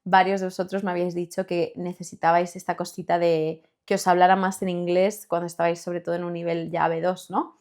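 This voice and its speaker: A woman from Spain with a Spanish accent, teaching English pronunciation, stretching words out slowly to model them. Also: fairly low pitch, flat delivery, darkish tone. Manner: slow drawn-out modeling of words, then quick explanations. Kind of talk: bilingual language lesson.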